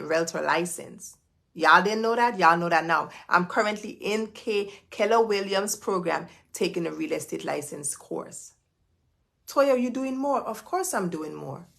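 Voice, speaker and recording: Speaking straight to her live viewers as their business coach, a woman with a fairly low, gravelly, fairly bright voice delivers preachy motivational coaching. She is emphatic and drives key phrases home by repeating them twice or even three times.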